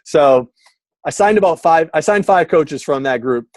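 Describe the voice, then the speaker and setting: A man's voice: on the high side, moderate pace, no echo. A middle-aged man, speaking as a guest on a video call. He tells his story casually and acts out the voices of the people in it. The recording is dry and close, with no room sound. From Massachusetts, USA. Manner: animated, acts out quoted dialogue.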